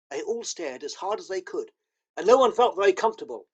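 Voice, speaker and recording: A man narrating a children's novel aloud with expressive storytelling. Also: sits high, a little fast, slightly rough. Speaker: audiobook narrator.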